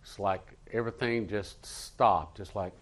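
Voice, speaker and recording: A pastor preaching a sermon and praying in church, earnest, leading the congregation to repeat lines after him. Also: male voice, fairly low pitch, fairly even intonation, measured pace. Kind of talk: sermon with prayer.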